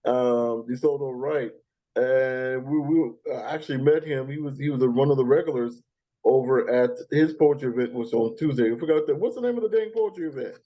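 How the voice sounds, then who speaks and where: A man's voice: mid-range voice, a little fast, dull audio. A man hosting a music countdown podcast in a casual, chatty way. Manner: chatty, with frequent fillers and laughs. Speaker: podcast host. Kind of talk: casual countdown show chat.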